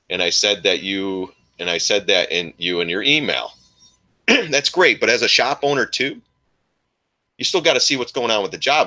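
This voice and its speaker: Bright-voiced man ranting on a live stream. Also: medium pitch. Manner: rambling, laughing, ranting. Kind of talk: casual live-stream chat.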